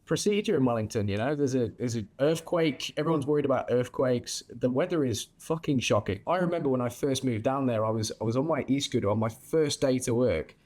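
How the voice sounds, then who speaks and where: A young adult man, a bartender, chatting as a podcast guest, telling lively stories and swearing freely. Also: mid-range voice, brisk, hardly any pauses. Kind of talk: casual interview chat.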